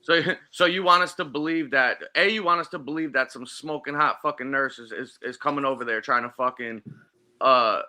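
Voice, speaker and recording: Man, crude commentary, profane, incredulous, bright tense tone. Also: mid-range voice.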